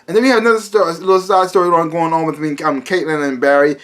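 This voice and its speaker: A man's voice: on the high side, fairly even intonation, fast talker, few pauses, a bit bright. Rambling man reviewing a TV episode. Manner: rambling, many restarts and fillers, exasperated asides. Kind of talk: casual spoken review.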